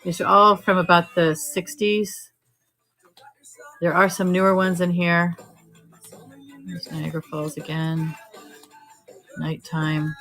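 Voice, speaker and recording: A woman selling postcards on a live-stream auction, talking briskly and joking as she sorts through stacks. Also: lowish voice, level tone, fairly bright tone, faint music behind, poor audio. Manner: brisk, joking, thinking aloud while sorting items. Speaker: online auction seller.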